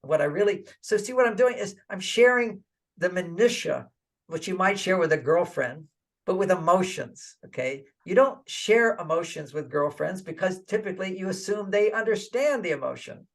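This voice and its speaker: An older man giving relationship advice in an interview, animated and acting out little quoted dialogues. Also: high voice, normal speed, gravelly. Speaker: relationship author and guest.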